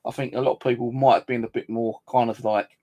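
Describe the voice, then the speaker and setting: A man's voice: mid-range voice, level tone, quick pace, dark tone, dull audio. A man telling an angry story in a casual monologue, swearing freely and acting out the conversations. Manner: swears freely, indignant, retells dialogue. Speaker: vlogger.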